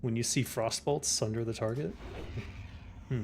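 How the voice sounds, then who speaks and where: A man streaming a game live, chatting casually and answering his chat in a relaxed way. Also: medium pitch, normal speed, creaky, long pauses, slight background noise.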